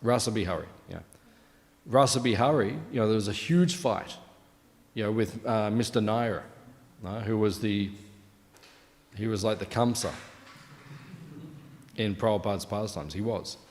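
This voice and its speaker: A man with a fairly low voice tells stories for a morning scripture class. He speaks casually, full of fillers and quick "right?" checks with his listeners, and his voice carries a long reverb from a hall.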